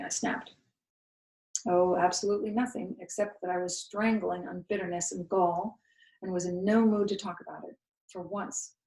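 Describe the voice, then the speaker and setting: A woman, a school co-founder, reading a novel aloud with expressive, lively storytelling. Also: fairly low pitch, reverberant, rough recording. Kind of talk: storybook read-aloud narration.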